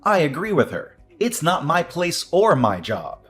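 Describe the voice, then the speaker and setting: An actor playing an entitled young husband who defers to his mother, dismissive and prone to excited outbursts. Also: a little high, unhurried, faint music behind. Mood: scornful. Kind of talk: audio drama acting.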